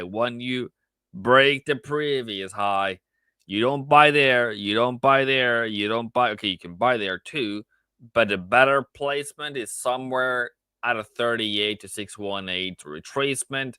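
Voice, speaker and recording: A man trader on a live stream, chatting casually about his trades with animated repeats, asides and laughs. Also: medium pitch, measured pace, clean tone, no echo.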